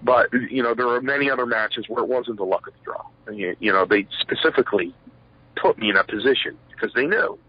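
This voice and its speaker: Talking fast in a husky, mid-range voice, this ex-pro wrestler, middle-aged, tells stories in a loose shoot interview. He fills his speech with fillers and plays out the quotes. The sound is dry, dull and lo-fi.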